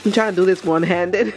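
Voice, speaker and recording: Gushing woman vlogger with a lively voice. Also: mid-range voice, noisy background. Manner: excitable, gasping, gushing exclamations. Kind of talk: casual unboxing vlog. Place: at home.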